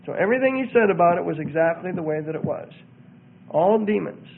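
Male preacher, high-pitched, emphatic and repetitive, heard over tinny phone-like audio. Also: animated, fast talker, vocal fry, husky. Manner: emphatic, repeats words for effect. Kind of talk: sermon-style teaching on a religious group.

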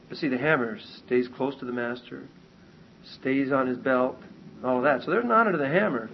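A man preaching a sermon to a congregation, animated and emphatic, often restarting his sentences and rising to loud peaks. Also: medium pitch, fast talker, slight background noise. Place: church meeting hall with congregation. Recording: muffled lo-fi recording.

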